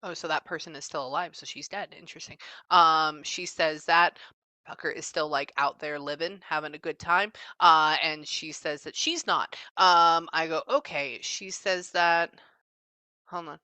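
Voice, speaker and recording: A woman giving a casual psychic reading, chatting as she relays what she senses with frequent pauses and fillers. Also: low-pitched, sharp tone, dry recording. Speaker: psychic medium.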